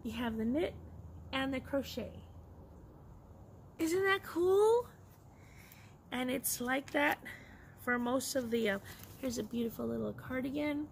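A woman casually chatting about her yarn and knitting haul, excitable and quick to laugh. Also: fairly high pitch, vocal fry, a little hiss or hum. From Los Angeles area. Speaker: craft vlogger.

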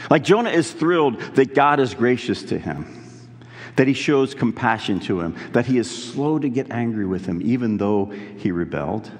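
A male pastor preaching a sermon in an earnest, conversational way, pausing to weigh key words. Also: mid-range voice, animated, big-room sound.

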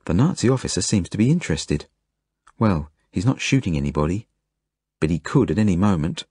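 A man reading his own novel aloud as a first-person audiobook, earnest and measured. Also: low-pitched, animated, breathy edge, dry recording, clean studio sound. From Australia. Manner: earnest, measured, gentle storytelling.

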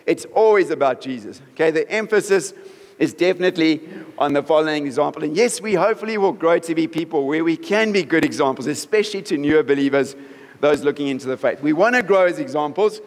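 Man preaching in a reverberant hall. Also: on the high side. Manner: conversational, checks in often with the congregation. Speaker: pastor. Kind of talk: sermon. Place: church hall.

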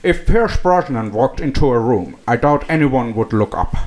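A man doing a deliberately shoddy, exaggerated impression of a gruff Scottish film star on a comedy podcast, dropping into a low growl. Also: expressive, darkish tone, natural voice. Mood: mock-solemn.

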